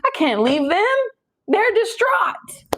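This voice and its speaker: A woman's voice: sing-song, fast talker, gravelly, a little hiss or hum. A woman voicing a distraught man who whines and pleads in a bad relationship. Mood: whiny pleading. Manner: high-pitched pleading whine.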